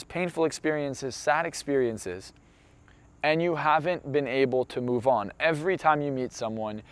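A young adult man, a motivational speaker, telling a personal love story in an earnest, emphatic way that builds to intense conviction. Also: a little high.

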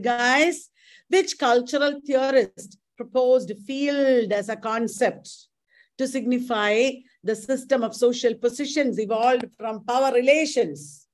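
A woman's voice: a little high, a little mellow. A woman with an Indian accent teaching a live-streamed exam coaching lecture, quizzing her students and drilling terms aloud, with Hindi words mixed in. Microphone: live stream mic.

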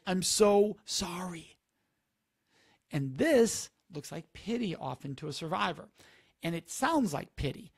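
A man giving a live-streamed talk on preventing sexual assault addresses his audience with earnest, instructive advice, stressing key words by repeating them. His voice is gravelly and on the high side.

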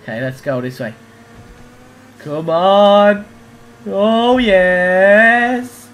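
Bright, excitable gaming streamer. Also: male voice, sits high, extremely slow. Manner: excitable, cries out at crashes and wins. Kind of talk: live gameplay commentary.

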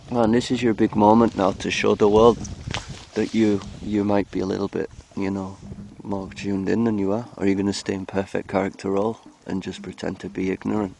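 A man's voice: fairly low pitch, level tone, fairly quick, gravelly, a little mellow, slight background noise. A man filming in a cold outdoor field, rambling and joking in loose commentary to the camera, breaking into chanted mantras. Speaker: vlogger filming animals.

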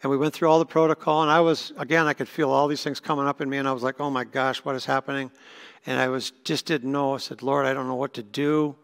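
A man's voice: mid-range voice, flat delivery, fast, creaky, a bit bright, smooth. A man, preaching a sermon as pastor and telling personal stories earnestly, with restarts. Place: church sanctuary. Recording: long church reverb.

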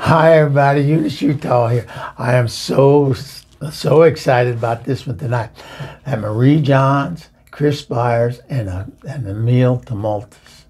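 A man's voice: medium pitch, a little slow, darkish tone, husky. A man voicing a chatty, bawdy middle-aged woman who hosts the show and rambles through gossipy stories. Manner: rambling, gossipy, chuckling storyteller. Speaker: host introducing a music video. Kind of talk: comedic character monologue.

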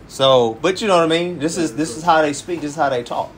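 A man's voice: a little high, quick pace, few pauses. Emphatic, colloquial male church elder. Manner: emphatic, colloquial, often ends phrases with "man". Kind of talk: informal sermon teaching.

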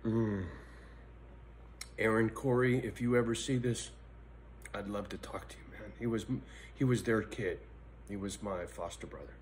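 A middle-aged man vlogging in a blunt, profane personal monologue that swings between angry ranting and quiet reflection. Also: lowish voice, a little slow, long pauses, slight background noise.

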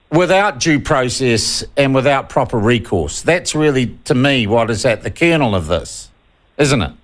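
Blunt New radio host, slightly high. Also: male voice, a bit bright. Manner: blunt, presses for direct answers. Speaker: radio talk show host. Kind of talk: probing talk radio interview.

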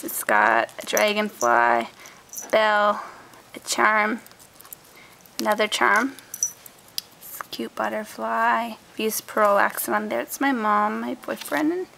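Young woman, home craft vlogger, bright lively voice with some fry, unhurried and chatty, faint hiss in the background. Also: mid-range voice, poor audio. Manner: soft, chatty, trails off and restarts. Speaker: scrapbooking vlogger. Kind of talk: casual show-and-tell.

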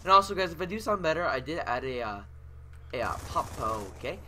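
A young man giving chatty commentary over his gameplay, often breaking into loud, raging yells, on a desktop mic at home. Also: on the high side, very animated, fast, a little hiss or hum. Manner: chatty, often bursting into yelling rage. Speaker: gaming channel host. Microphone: desktop USB mic with pop filter.

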